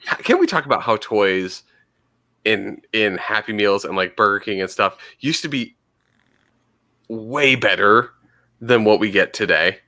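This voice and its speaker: A man with a bright, forceful voice co-hosts a casual podcast chat. He talks in an animated way, swears freely, and often trails off and restarts. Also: fairly low pitch, measured pace, long pauses. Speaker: podcast co-host.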